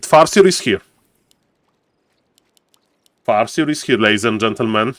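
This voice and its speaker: A man's voice: fairly low pitch, expressive, measured pace, fairly bright tone, dry recording. A man casting a live strategy game on stream, a showy announcer who keeps repeating his catchphrases and greets chat by name. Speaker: esports caster and streamer.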